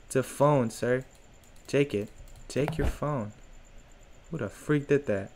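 A man's voice: medium pitch, takes it slowly, darkish tone, a little hiss or hum. A man commentating a horror game let's play, joking and talking back to the characters on screen. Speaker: gaming streamer.

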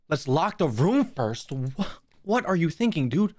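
Young male streamer, lively up-and-down delivery, slightly high voice, crude jokey banter, nervous mutters. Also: a little slow, no echo. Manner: jokey, profane, talks to chat. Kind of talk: live gaming commentary.

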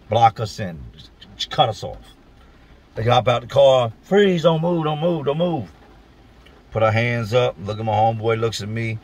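A man from Richmond, Virginia, casually telling a true story to his channel in blunt, profane street slang. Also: mid-range voice.

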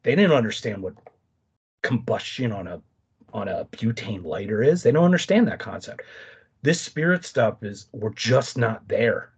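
A man telling stories as a podcast guest, his husky voice running animated, with quick asides and self-corrections. The audio is muffled and lo-fi, like a simple podcast recording. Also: on the low side. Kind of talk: casual conversation.

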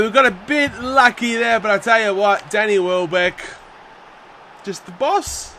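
A young man commentating his own football video game match, animated and slangy, shouting at the play. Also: sits high, moderate pace. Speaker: gaming YouTuber.

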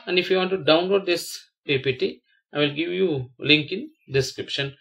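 A teacher with a gravelly, bright and forceful voice talks through slides. Each word is said once, then repeated slowly with the syllables stretched apart. The delivery halts often on fillers and restarts. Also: mid-range voice. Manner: halting, with frequent fillers and restarts. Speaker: English teacher. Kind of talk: slideshow grammar lesson narration.

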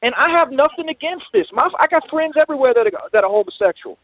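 A man's voice: very high-pitched, expressive, fast, few pauses, no echo. A man calling in to a comedy show, rambling and calling everyone brother. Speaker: caller. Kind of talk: phone-in comedy chat. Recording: dry tinny phone line.

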